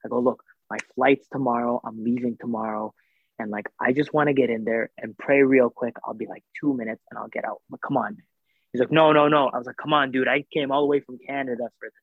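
A man telling a story in casual chat, animated, acting out the voices of the people in it, with lots of fillers. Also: medium pitch, fast, breathy edge, no echo. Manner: animated, acts out quoted voices, filler-heavy. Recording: tinny phone-like sound.

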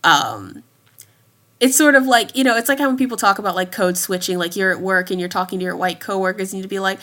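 A woman in her thirties with a bright, forward voice, talking in a loose, chatty way. She breaks into laughter often as she tells her stories, like a guest on a relaxed podcast. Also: mid-range voice, fast. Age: 30s. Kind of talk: casual chat.

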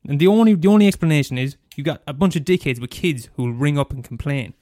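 A young Irish man ranting profanely on his podcast, talking fast and mumbling. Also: on the high side, warm tone, no echo, studio quality. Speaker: podcast host. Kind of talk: casual solo rant.

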